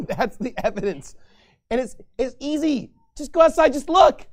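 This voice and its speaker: Emphatic high-voiced male preacher. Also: animated, moderate pace. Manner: emphatic, forceful, mocking asides, reads scripture aloud. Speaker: pastor. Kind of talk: sermon.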